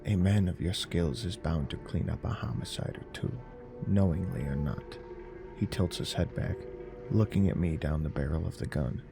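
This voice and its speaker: A man narrating a horror story in a slow, measured, deadpan way. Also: sits low, vocal fry. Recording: narration over faint music.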